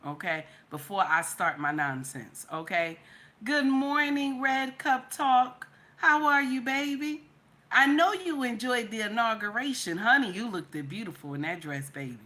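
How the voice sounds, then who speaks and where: A woman's voice: mid-range voice, sharp tone. A young woman hosting a casual live-stream talk show, sassy and chatty, calling her viewers baby and honey. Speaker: podcast host.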